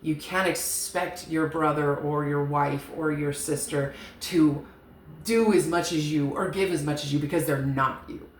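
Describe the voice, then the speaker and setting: This tarot reader is a woman with a low voice, fairly even intonation, and a slightly slow delivery, rambling casually and candidly and swearing now and then. The room is echoey, with a faint hiss underneath.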